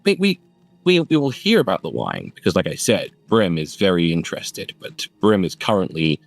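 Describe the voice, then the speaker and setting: A man playing a tabletop role-playing game, talking in rambling, halting restarts. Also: low voice, wildly swooping pitch, creaky, dry recording, faint music behind. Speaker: player. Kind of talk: casual tabletop role-play.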